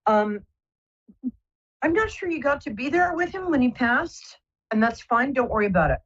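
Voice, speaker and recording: A woman's voice: sits high, very animated, moderate pace, slightly rough, muffled recording. A woman hosting a live psychic call-in show, talking soothingly and rambling with many fillers. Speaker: psychic radio host.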